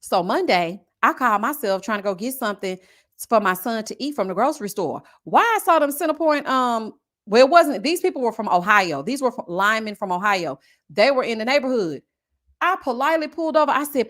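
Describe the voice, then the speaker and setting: A woman from Houston, hosting a livestream and telling stories in animated, slangy casual chat while reading super chats. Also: a little high, fairly quick. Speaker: livestream host.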